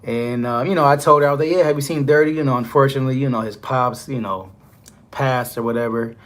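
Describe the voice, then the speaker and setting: A man's voice: mid-range voice, steady tone, fairly quick, fairly bright tone. Young trucker man, live-stream host, loose rambling delivery full of fillers. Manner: rambling, filler-heavy, "you know" constantly. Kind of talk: casual live-stream chat.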